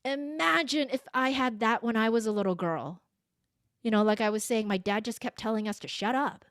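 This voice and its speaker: Woman, 40s, conversational storyteller, animated delivery, dry close-miked read. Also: a little high, normal speed, no echo. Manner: animated, acts out quoted lines. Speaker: podcast guest, voice coach.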